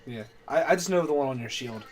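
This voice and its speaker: A man's voice: medium pitch, lively intonation, fast. A man running a tabletop game as game master on a live stream. He restarts his sentences often and makes self-mocking jokes.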